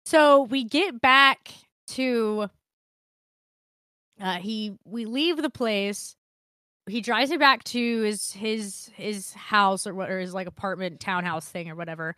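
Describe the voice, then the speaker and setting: A woman's voice: medium pitch, takes it slowly, no echo, studio quality. A young woman, telling a story on a casual podcast and acting out what people said, with plenty of swearing. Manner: animated, swearing, acts out quotes. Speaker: podcast co-host.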